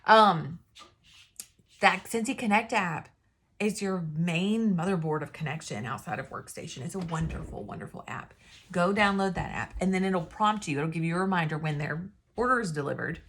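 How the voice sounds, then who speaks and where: A woman talks straight to her viewers in a casual, rambling way, restarting sentences and trailing off. Her voice sits a little low for a woman. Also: normal speed, fairly bright tone. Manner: rambling, chatty, self-interrupting. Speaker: independent sales consultant. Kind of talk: casual talking-to-camera advice.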